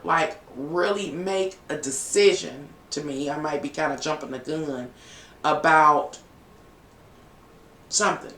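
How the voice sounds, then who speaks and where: Recorded in an echoey room with faint noise and the voice far from the mic, this tarot reader speaks at medium pitch with vocal fry and a sharp tone. The reading for viewers is casual and emotional, emphatic, rambling, and packed with fillers.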